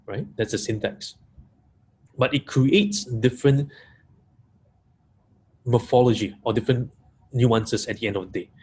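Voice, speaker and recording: A man's voice: medium pitch, normal speed, a little mellow, slight background noise. A man giving a webinar talk to coaches, repeating key points and stressing single words. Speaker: coaching trainer. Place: live audience room.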